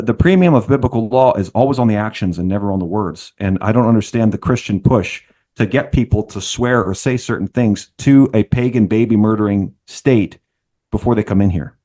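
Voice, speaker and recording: A man talking on a panel in a rambling, halting way, with many restarts. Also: medium pitch, a little mellow. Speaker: podcast panelist. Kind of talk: casual round-table discussion.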